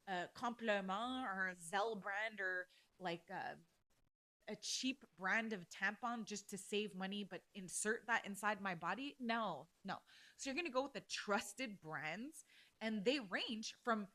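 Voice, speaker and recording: A woman's voice: medium pitch, a little slow, sharp tone. A woman hosting a casual solo podcast, ranting bluntly and heatedly with plenty of swearing. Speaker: podcast host.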